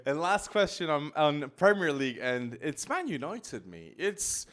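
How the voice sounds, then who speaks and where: A male podcast host, talking football in an emphatic, animated way with many restarts. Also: fairly high pitch, measured pace. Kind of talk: casual football podcast talk. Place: Portugal.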